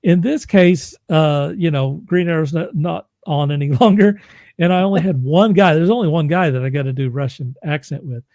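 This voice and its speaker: A man's voice: on the high side, moderate pace, darkish tone, dry recording. A man who narrates audiobooks, chatting casually in a rambling, self-deprecating way and laughing often. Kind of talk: casual chat.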